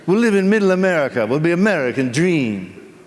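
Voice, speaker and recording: A man voicing a smooth-talking Italian husband who croons slow, drawn-out sweet talk to his wife, in an echoey hall. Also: on the high side, very animated. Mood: crooning.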